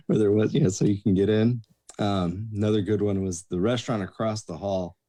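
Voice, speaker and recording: A man's voice: lowish voice, a little fast. A man, a bouncer and bartender, telling casual anecdotes on a podcast and acting out the voices of the people in them. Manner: lively storyteller acting out quoted voices.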